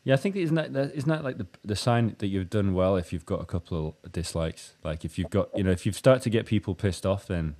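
A lowish-voiced man in a loose chat who talks animatedly and swears freely. He laughs a lot and jumps into exaggerated quoted voices. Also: brisk, few pauses, darkish tone. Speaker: musician co-host. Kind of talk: casual chat.

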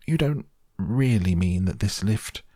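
A man voicing an excitable, fearful old grandfather in a storybook reading, crying out in high, cracking shouts. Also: unhurried, dry recording, studio quality. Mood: alarmed.

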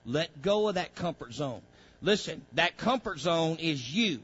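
Fervent preaching pastor, lo-fi sound. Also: male voice, fairly high pitch, sing-song, a little slow, slightly rough. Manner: preaching with call-outs to the congregation, rising to loud fervor. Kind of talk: sermon.

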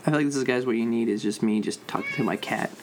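Rambling, low-energy young podcast host. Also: quick pace, background noise. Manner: rambling and low-energy, full of fillers and sighs. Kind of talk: casual solo podcast chat. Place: at home with a cat.

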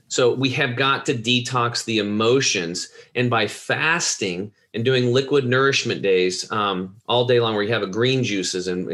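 A man recounts a personal experience in a casual, heartfelt way. His voice sits at an ordinary middle pitch. He rambles, doubles back and repeats words as the thoughts come. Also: fairly bright tone. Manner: earnest, rambling with restarts. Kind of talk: casual storytelling.

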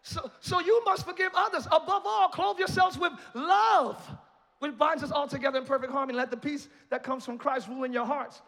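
High, bright-voiced preaching pastor. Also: male voice, brisk, gravelly. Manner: preaching with rising shouts and playful asides. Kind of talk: sermon. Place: church sanctuary.

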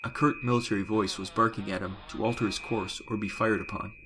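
A man reading a science fiction audiobook in a measured, descriptive way. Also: lowish voice, fairly even intonation, noisy background. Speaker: narrator. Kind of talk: scripted sci-fi audiobook narration. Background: music.

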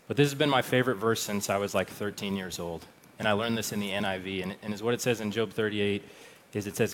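A pastor delivers a sermon in a relaxed, conversational way, often repeating words as he goes. His voice sits on the low side, and he slips into reading scripture aloud. A faint hum of background noise runs underneath.

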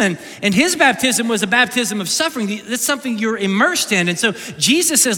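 A male pastor preaching an animated, humorous sermon, often repeating words as he goes. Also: extremely high pitch, fairly quick, hardly any pauses. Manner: animated, joking, repeats words mid-sentence. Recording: long reverb of a large hall.

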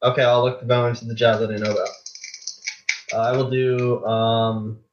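A man's voice: mid-range voice, little pitch movement, normal speed, background noise. A man playing a tabletop role-playing game, jokey, mixing in a stiff formal in-character voice. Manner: playful, affected formal speech in character. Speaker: player. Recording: roomy, dull lo-fi mic.

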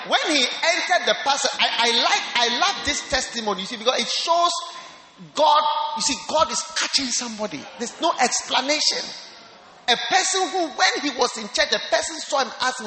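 Excitable high-voiced bishop preaching. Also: male voice, moderate pace, echoey room, big-room sound, a little hiss or hum, low-quality recording. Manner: excitable, preachy, shouts and exclaims often. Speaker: bishop leading a church service. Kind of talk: sermon with on-stage testimony interview. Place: large church hall.

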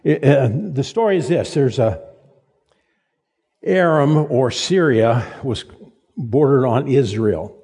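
A man in his seventies preaching a sermon in a folksy, halting way, repeating words as he tells stories. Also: medium pitch, animated, dark tone, breathy edge. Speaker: pastor. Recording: long reverb of a large hall.

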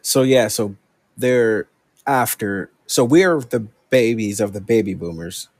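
A man in his thirties from Los Angeles talks openly in a casual chat and often drops "man". His voice sits on the low side. The recording is dry and close. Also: unhurried, darkish tone, dry recording. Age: 30s. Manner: candid, confessional, says "man" often.

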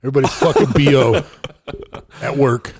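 Husky guy talking fast on a podcast, dry one-liners, very dry close sound. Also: mid-range voice, a little mellow, dry recording. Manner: dry wisecracks, short interjections. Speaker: podcast co-host. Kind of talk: casual crude banter.

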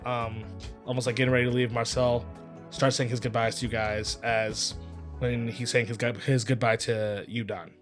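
A man's voice: mid-range voice, flat delivery, moderate pace, soft background music. A man narrating a tabletop game as game master, in loose, filler-heavy talk.

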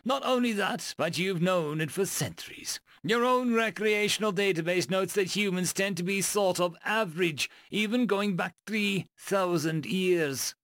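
A man's voice: high-pitched, measured pace, hardly any pauses, a bit bright, no echo. A man voicing an earnest, pedantic male alien crewmate who explains things in a matter-of-fact, over-detailed way. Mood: explaining.

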